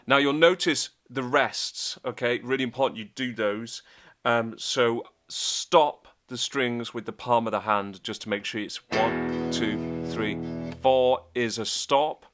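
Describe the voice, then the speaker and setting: A man teaching a guitar piece in a relaxed, chatty way, with fillers as he explains and counts beats. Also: mid-range voice, slow pace. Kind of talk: casual instructional talk.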